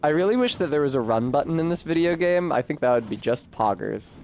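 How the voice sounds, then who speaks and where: A man's voice: fairly high pitch, sing-song, fairly quick, darkish tone, slight background noise. A man streaming a video game, chatting casually in a rambling, profane, self-deprecating way. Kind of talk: casual gameplay commentary.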